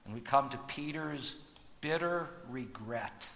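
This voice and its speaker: A man preaching a sermon as pastor, with dynamic delivery that swings from hushed lines to loud, emphatic ones. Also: medium pitch, animated, measured pace, gravelly, long reverb tail.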